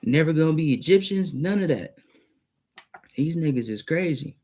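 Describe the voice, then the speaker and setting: A man's voice: fairly high pitch, animated, normal speed, darkish tone. A man rambling and cursing in a casual monologue, arguing back and forth with himself. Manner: profane, rambling, argues with himself.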